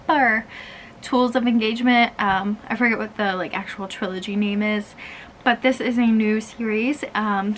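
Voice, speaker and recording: A woman's voice: a little high, fairly bright tone, a little hiss or hum. A young woman chatting casually as a book vlogger, gushing, with many fillers. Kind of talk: casual chat.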